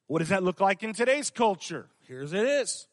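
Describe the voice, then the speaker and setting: A man's voice: sits high, big pitch swings, normal speed. A male pastor preaching a sermon, emphatic and full of rhetorical questions to his congregation. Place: church. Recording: long hall reverb.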